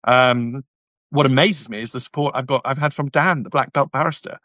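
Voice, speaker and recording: A man's voice: mid-range voice, brisk, pushed and bright, dry recording. Man, livestream host, blunt, sardonic, dry close sound. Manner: blunt and combative, with sardonic asides. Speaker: YouTube channel host reading viewer comments. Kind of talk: casual livestream chat.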